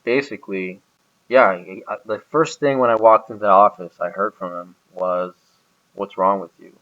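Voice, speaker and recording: A man's voice: lowish voice, normal speed, muffled recording. A man talking casually about his boss, rambling with many hesitations and restarts. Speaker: employee describing his boss. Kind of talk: casual recorded conversation.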